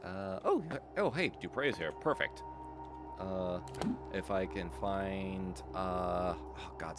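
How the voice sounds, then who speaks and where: Chatty streamer with a lively voice. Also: male voice, sits low, slow pace, noisy background. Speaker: streamer playing a mystery game. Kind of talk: casual live-stream commentary.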